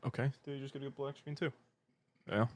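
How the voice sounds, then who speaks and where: A man's voice: medium pitch, fairly even intonation, a little fast. A British man hosting a fan livestream, chatting casually and joking as he answers viewer comments. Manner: rambling and joking, self-deprecating, with many restarts. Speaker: fan channel livestream host.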